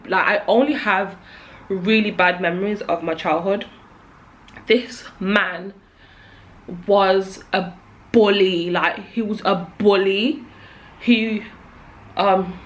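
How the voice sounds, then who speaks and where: A young woman talks straight to camera in a loose, confessional vlog chat. She sounds jittery and emotional, trailing off and circling back with lots of likes. Her voice sits at a middling pitch, with a faint hiss of noise behind it. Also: low-quality recording. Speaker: beauty vlogger. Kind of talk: casual confessional chat while doing makeup.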